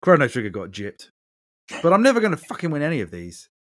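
A man's voice: fairly high pitch, huge pitch swings, fast, a bit bright, no echo, studio quality. A man hosting a podcast in casual chat, with sweary, mock-grumpy banter. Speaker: podcast host.

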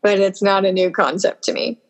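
A woman's voice: medium pitch, fairly even intonation, fairly quick, poor audio. A woman telling a candid personal story as a podcast guest, in an earnest, emotional and intimate way.

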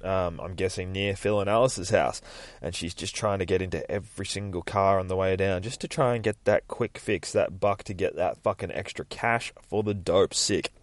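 A man rambles through a comic book story, swearing freely. His voice sits low and sounds dry and close to the mic. He records outdoors near his work. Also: normal speed, no room sound. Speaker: podcast host. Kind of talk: casual comic book retelling.

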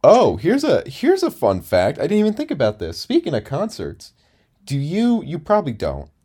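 A man's voice: a little high, wildly swooping pitch, normal speed, mellow, breathy edge. A man in his twenties telling a long story in a casual chat, rambling with lots of fillers and restarts. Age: 20s. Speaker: podcast co-host.

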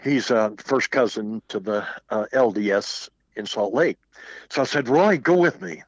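An older man, a Baptist minister, tells a story in casual conversation, acting out the quotes in an animated anecdote. His voice is fairly low and unhurried. The audio is muffled and dull, with no room sound.

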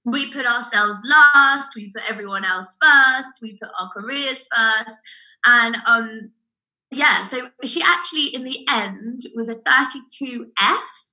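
A woman who works as a bra fitter, telling animated stories in a casual podcast chat. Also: a little high, unhurried, low-quality recording. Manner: animated storyteller who acts out customers' voices.

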